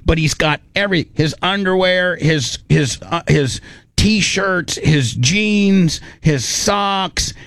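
A man hosting a podcast, telling a story in a rambling, animated way with lots of restarts. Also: sits high, takes it slowly, creaky, no room sound. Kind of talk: casual storytelling.

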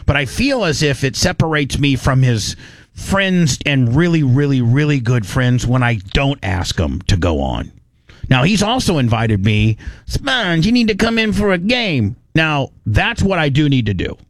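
Dry-voiced radio host, rambling sports chat. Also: male voice, medium pitch, sing-song, moderate pace, dry recording. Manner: rambling, frequent restarts. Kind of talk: casual sports talk.

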